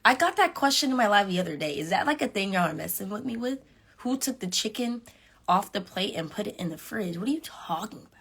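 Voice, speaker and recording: A young woman chatting casually with fans on a live stream, animated and sassy, talking straight to her viewers. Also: medium pitch, a little fast, husky. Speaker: reality show contestant on a live stream. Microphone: phone.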